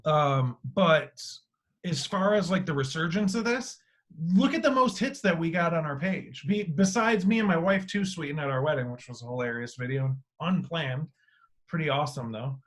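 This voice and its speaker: A man hosting a casual podcast, talking in an animated way with free swearing, his voice swinging between loud and quiet. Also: a little high, normal speed. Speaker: podcast host.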